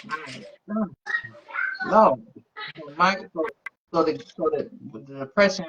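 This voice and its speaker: A woman hosts a faith-centered conversation, speaking with emphasis and frequent exclamations of agreement. The recording is dull and a little lo-fi, the high end muffled. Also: creaky. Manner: emphatic, exclaims and affirms often. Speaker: podcast host. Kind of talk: faith-based conversational interview. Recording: dull lo-fi sound.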